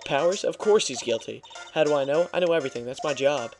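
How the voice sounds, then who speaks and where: A man's voice: fairly high pitch, fast, soft background music, lightly acted. A man voicing a bossy, gossipy old woman security guard in a video game read-through, talking in a nagging, self-important way.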